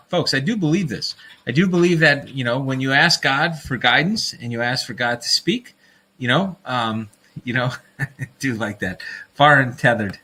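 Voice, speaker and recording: A man's voice: mid-range voice, expressive, moderate pace, bright, forceful tone. A man hosting a casual livestream, talking in a rambling, fired-up way, often breaking into laughter and calling his listeners folks. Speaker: livestream host.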